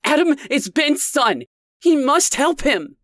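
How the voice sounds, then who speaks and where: Brief: desperate frantic woman in an audiobook, a man doing a high, strained pleading voice, dry close sound. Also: animated, takes it slowly, darkish tone, breathy edge, no echo, heavily acted. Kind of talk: audiobook character voice.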